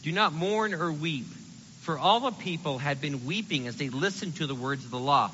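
A man preaching a sermon in an animated, conversational way, acting out the quotes he reads. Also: fairly high pitch, normal speed, in a large hall, lo-fi sound, a little hiss or hum.

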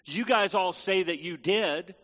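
A man's voice: high-pitched, unhurried, a bit bright. A man preaching to his congregation in a conversational way, often putting questions to them. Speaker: pastor. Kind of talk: sermon. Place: church sanctuary. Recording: muffled church hall reverb.

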